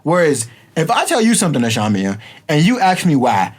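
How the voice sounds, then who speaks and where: Male podcast co-host, casual, animated delivery with lots of pitch movement. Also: fairly quick, husky. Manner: animated, wide swings in pitch, argues a point. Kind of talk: casual chat.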